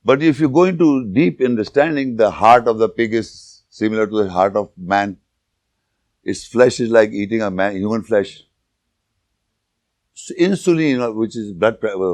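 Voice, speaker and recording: A man giving an informal religious lecture, telling jokes and anecdotes and pausing to search for words. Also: fairly low pitch, animated, a little mellow, dry recording. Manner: anecdotal, joking, with searching pauses and restarts. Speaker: Islamic lecturer.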